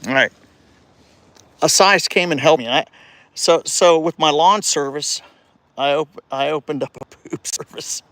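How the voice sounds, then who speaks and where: A man with a somewhat high voice chats casually into his phone outdoors on a residential street, coaching and cheering a child between long, halting rambles full of restarts. The sound is dry and close, with no echo around him. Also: fairly bright tone. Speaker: vlogger livestreaming. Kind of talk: casual live-stream chat.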